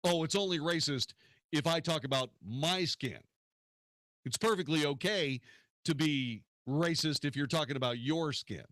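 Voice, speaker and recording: Combative talk radio host, dry sound. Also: male voice, on the high side, normal speed, fairly bright tone, dry recording. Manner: combative, rhetorical questions.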